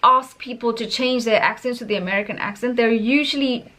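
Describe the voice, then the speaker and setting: A woman's voice: on the high side, brisk. A woman from South Africa with a South African accent, an English teacher talking in a casual vlog, emphatic and opinionated. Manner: animated, emphatic and opinionated, with frequent laughs.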